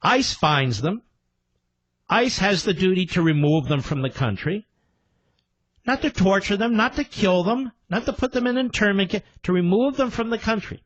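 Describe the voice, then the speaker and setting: An indignant male radio host drives a political talk show with emphatic repetition and rhetorical questions. His voice sits fairly high and swings with lively, animated pitch. The sound is dry and close, with a slightly dull broadcast quality. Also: moderate pace, no room sound.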